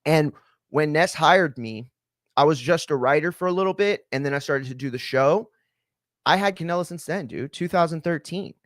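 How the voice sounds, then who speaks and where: A slightly high, somewhat bright male voice moves at a moderate pace as he hosts a podcast. He rants casually with lots of cursing and filler words, captured in clean studio sound without room noise.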